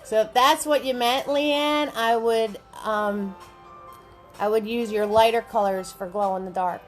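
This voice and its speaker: A woman's voice: fairly high pitch, steady tone, unhurried, low-quality recording. A woman hosting a live painting class, chatting with viewers and greeting them by name as she works. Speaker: paint party instructor. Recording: faint music behind.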